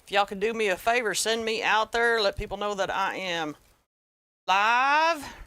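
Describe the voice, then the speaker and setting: A woman's voice: medium pitch, expressive, a little slow, bright, forceful tone, clear, resonant tone, dry recording. A woman with a Southern American accent hosting a casual livestream craft tutorial, chatting and greeting viewers by name. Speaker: livestream host, wreath maker.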